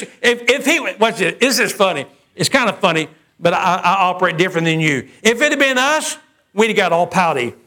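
A man preaching a sermon, acting out the dialogue of the story with swings in his voice. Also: sharp tone. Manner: storytelling preacher who acts out the dialogue with a lot of pitch swings. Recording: faint music behind.

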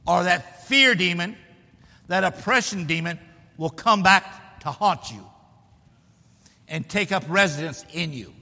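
A man preaching a sermon in a high, lively voice that swings up into bold declarations and drops into teasing asides. His tone is very bright and cutting. The sound rings with a long church-hall reverb. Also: measured pace, vocal fry.

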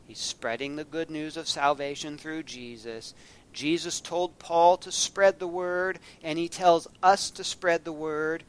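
A man's voice: a little high, steady tone, a little slow, clear, resonant tone. A man preaching a sermon, folksy and storytelling, acting out scenes with a raised voice.

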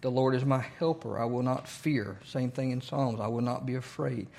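A man's voice: mid-range voice, normal speed, gravelly, a little mellow. A man teaching a church Bible study, asking the group questions and repeating key phrases.

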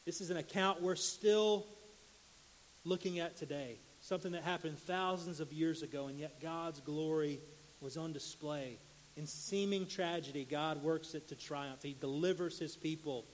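Guy preaching a sermon, kinda high voice, church echo rolling off the walls. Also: moderate pace, a little hiss or hum. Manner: animated reading of scripture, rises in pitch and volume for quoted cries.

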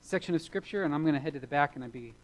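A man's voice: fairly high pitch, rapid-fire, rough recording. Man, middle-aged, pastor, sermon, emphatic, repeats lines for weight, church. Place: church sanctuary.

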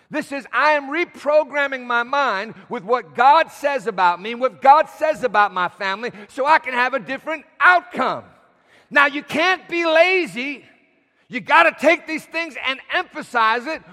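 High-voiced guy preaching, shouty then soft, asks for amens, big echoey hall. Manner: preaching with call-and-response amens, swings from shouting to quiet. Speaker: pastor. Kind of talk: sermon. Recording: long hall reverb.

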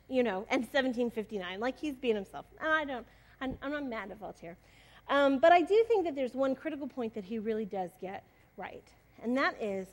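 A young adult woman pastor preaching a sermon in a casual, chatty way with many fillers. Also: on the high side.

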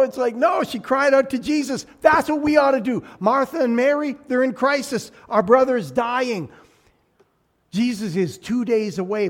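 A man preaching a sermon as pastor, animated, acting out voices and shouting for emphasis. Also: high voice.

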